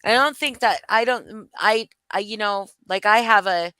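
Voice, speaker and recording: Young woman ranting on a stream, bright forceful voice, cusses a lot, dry close mic. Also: mid-range voice, normal speed, smooth, no echo. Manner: blunt, swears freely, rambling restarts. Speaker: livestream co-host. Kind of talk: casual gossip commentary chat.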